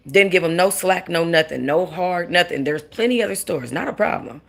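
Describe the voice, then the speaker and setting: A woman, casually telling a story in an animated rant, quoting the people involved and swearing. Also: low-pitched, fairly quick, vocal fry, few pauses. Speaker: vlogger.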